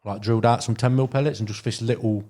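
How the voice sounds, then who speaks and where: Telling long fishing stories as a podcast guest, this carp angler from Derbyshire, England, rambles casually with plenty of restarts and fillers. His mid-range voice is steady and a little mellow, and his pace is quick.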